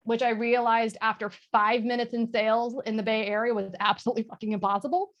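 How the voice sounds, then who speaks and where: Frank, fast-talking woman guest. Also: fairly high pitch, steady tone, fairly bright tone. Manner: frank, fast, swears casually. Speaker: guest sales leader. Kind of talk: casual panel chat.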